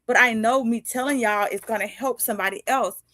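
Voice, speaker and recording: A lively woman in her fifties talks straight to her viewers in a casual live chat. Her voice sits fairly high and sounds dry, with no room around it. She laughs easily and slips into little acted-out dialogues. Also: brisk, dry recording. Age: 50s. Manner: animated and chatty, laughing often and acting out little dialogues. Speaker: podcast host and life coach.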